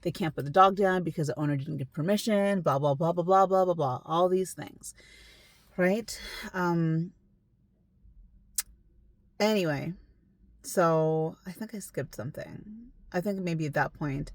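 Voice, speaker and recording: Low-voiced woman telling a story. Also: unhurried, pauses often. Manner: conversational, emphatic, sometimes hushed. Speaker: esthetician telling a client's story. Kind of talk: casual storytime.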